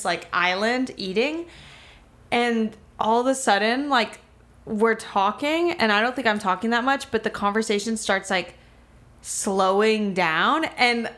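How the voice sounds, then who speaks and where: Fields. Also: female voice, fairly high pitch, a bit bright. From Miami, US. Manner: rambling, fills with "like", swears freely. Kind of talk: casual storytelling.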